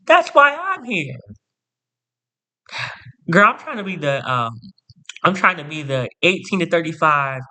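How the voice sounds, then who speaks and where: Male vlogger, sassy and dramatic storytime ranter, bright forceful voice. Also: on the high side, clear, resonant tone. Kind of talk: storytime rant to camera.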